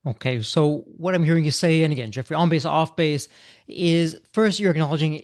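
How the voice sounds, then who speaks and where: Brief: male podcast host, slightly high voice, dry close sound, summarizes guest's ideas. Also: brisk, darkish tone, no echo. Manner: recaps the guest's points in his own words. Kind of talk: conversational interview.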